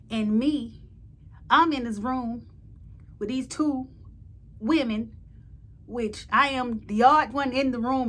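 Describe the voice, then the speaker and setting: A woman telling a story to camera in an informal, slangy way, growing loud and emphatic when worked up. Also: fairly high pitch, unhurried, pauses often. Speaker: storytime vlogger. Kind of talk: casual storytelling.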